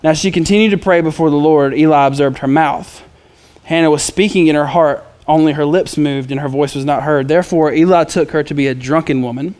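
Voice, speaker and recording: Speaking a little fast with few pauses, a man preaches in a conversational, casual manner, reading scripture aloud and dropping in playful asides and fillers. His voice is a little high and a little mellow, and the talk is an expository sermon.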